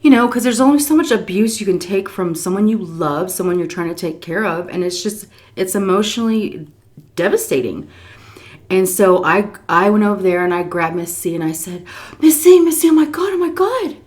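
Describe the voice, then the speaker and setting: A woman with a slightly low voice tells a long story while eating on camera. She is animated and expressive, often switching to high voices for the people she quotes. Between bites she drops into soft whispers. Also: normal speed. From Texas. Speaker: mukbang storyteller.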